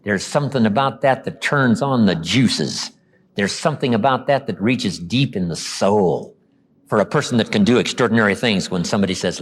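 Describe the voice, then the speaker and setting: Animated male motivational speaker. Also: husky. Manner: animated storytelling, acts out quoted lines; slows down and drops low for emphasis. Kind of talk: seminar lecture.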